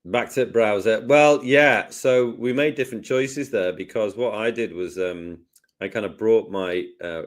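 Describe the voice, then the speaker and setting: A man hosting a casual live software lesson, jokey and self-deprecating as he talks through each step. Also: lowish voice, measured pace. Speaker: host, design tutor.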